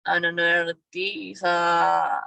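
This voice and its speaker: Hesitant female student with a gravelly, bright voice who speaks slowly. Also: lowish voice, level tone, no echo. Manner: hesitant, searching for words.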